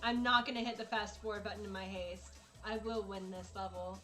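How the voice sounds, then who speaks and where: A woman's voice: medium pitch, fairly even intonation, a little fast, a bit bright, faint music behind. A woman live-streaming while she plays a video game, chatting casually and dramatically, exasperated and laughing often.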